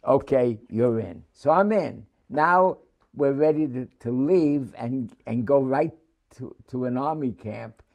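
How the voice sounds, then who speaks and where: Older New man, gravelly veteran storyteller, chuckling, halting. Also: medium pitch, darkish tone. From New York City. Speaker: war veteran interviewee. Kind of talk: oral history storytelling.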